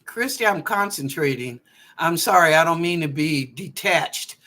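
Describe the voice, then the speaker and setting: Woman psychic host, live online readings from her apartment; bright tone, chatty and animated, drawls phrases for effect. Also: low-pitched, moderate pace. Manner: animated and playful, drawing out phrases, chatty asides. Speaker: psychic reader and show host. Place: apartment at home.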